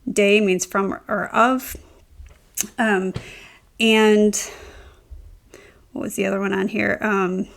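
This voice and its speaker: A woman's voice: medium pitch, fairly even intonation, slow, creaky, pauses often. A woman teaching a tutorial, explaining step by step with frequent ums and self-corrections. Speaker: Spanish teacher. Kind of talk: instructional tutorial.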